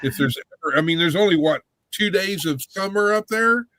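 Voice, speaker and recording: A man hosting a casual livestream chat, rambling with halting restarts. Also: high voice, expressive, bright, forceful tone, no echo.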